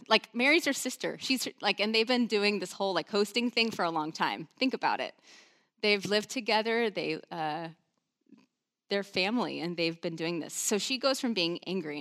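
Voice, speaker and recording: A woman preacher giving a chatty, conversational sermon, animated and full of asides. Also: medium pitch, brisk.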